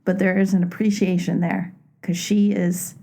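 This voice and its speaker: Woman in her forties from maine, low voice, casual podcast chat, relaxed. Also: normal speed, creaky, slight background noise. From Maine, USA. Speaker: podcast guest, loan officer.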